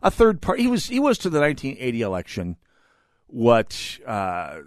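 A man's voice: mid-range voice, wildly swooping pitch, moderate pace, no echo, clean studio sound. A man in his fifties hosting a talk radio show, delivering an opinionated monologue that rambles off on tangents and restarts his words. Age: 50s.

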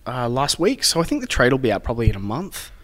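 A man's voice: mid-range voice, huge pitch swings, fast, a bit bright. A man, a comic shop guest on a podcast, hesitant with many fillers. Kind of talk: casual chat.

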